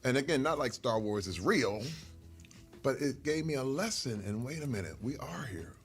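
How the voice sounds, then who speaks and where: A man's voice: medium pitch, moderate pace, faint music behind. Earnest man telling stories over a meal. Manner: animated storytelling, emotional and earnest. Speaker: guest. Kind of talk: casual conversation over a meal.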